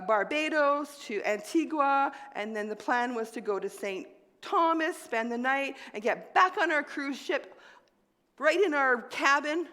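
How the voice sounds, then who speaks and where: Lady preacher telling her story, goes loud then whispery, big echoey church. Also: a little high. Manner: dramatic swings between loud and hushed. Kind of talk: sermon with personal testimony. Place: church sanctuary.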